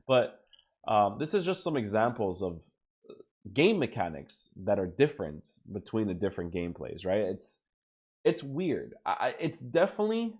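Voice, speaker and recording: A man's voice: fairly low pitch, darkish tone. A young man doing casual commentary over his own gameplay, emphatic, keeps checking in with "right?". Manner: casual, swears now and then. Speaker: gaming YouTuber.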